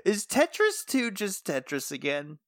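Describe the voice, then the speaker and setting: A man's voice: sits high, wildly swooping pitch, a little slow, fairly bright tone, no room sound. A man co-hosting a podcast, chatting casually, laughing and making dry, wry jokes. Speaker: podcast co-host. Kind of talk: casual chat.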